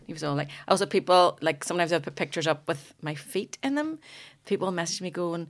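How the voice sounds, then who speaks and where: Brief: woman, relationship coach, low voice, cheeky podcast banter. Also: lively intonation. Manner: bawdy, laughing, quick to tease. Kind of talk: casual podcast chat.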